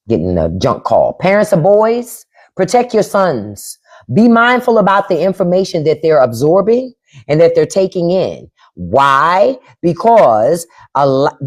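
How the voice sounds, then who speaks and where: A woman hosting a live stream, giving blunt, profane commentary and talking straight to her chat by name. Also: fairly low pitch. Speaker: podcast host on a live stream.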